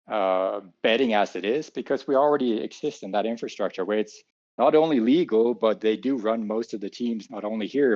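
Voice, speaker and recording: Earnest low-voiced man, muffled. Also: darkish tone. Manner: earnest, defensive, repeats words. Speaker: club co-owner answering fan questions. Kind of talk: live Q&A.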